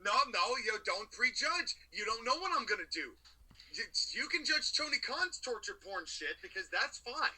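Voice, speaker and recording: High bright animated man reviewing wrestling. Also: moderate pace, husky, low-quality recording. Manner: opinionated, animated storytelling. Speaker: podcast co-host reviewing wrestling. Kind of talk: casual review chat.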